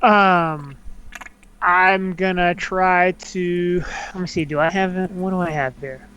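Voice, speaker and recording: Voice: medium pitch, steady tone, slow, a bit bright, clean tone, lo-fi sound. A player in a tabletop role-playing game, talking casually and thinking aloud while deciding moves.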